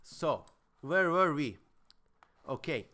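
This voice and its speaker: A man's voice: a little high, lively intonation, slow pace, bright, forceful tone. A man presenting a casual history talk, rambling with many fillers and crude humor, with a sore throat.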